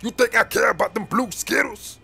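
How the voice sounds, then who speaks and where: Gruff, irritated gang leader played by a man; high, gravelly, confrontational street talk. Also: brisk, pushed and bright, faint music behind, heavily acted. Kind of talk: game role-play voice.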